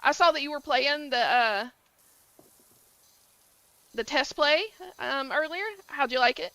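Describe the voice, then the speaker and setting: With a bright, forceful, high-sitting voice and an unhurried pace, a woman from Georgia, USA speaks with a Southern accent. She's upbeat in casual live-stream chat on a game stream, calling out viewers by name. The recording has no echo but poor audio quality.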